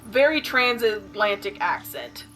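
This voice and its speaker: A woman's voice: mid-range voice, very animated, unhurried, bright, forceful tone, soft background music. A woman playing a tabletop role-playing game, narrating her character's actions in a playful, improvising way. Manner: playful, giggly, improvising aloud. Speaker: player.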